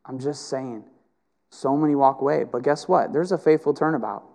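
A middle-aged man preaching a sermon with passion, rising to loud emphatic peaks and dropping to quiet, intimate stretches. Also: medium pitch, moderate pace, vocal fry. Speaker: pastor.

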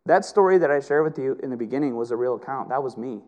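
A middle-aged pastor preaches a sermon with passion, climbing to loud, emphatic peaks and falling into quiet, intimate stretches. His mid-range voice is expressive and quick, with few pauses.

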